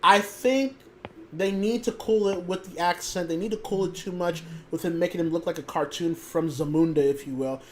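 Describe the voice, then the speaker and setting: A man on a podcast panel who talks bluntly and swears through his opinions. His voice sits a bit high for a man. Faint noise hums underneath. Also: moderate pace. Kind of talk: casual chat.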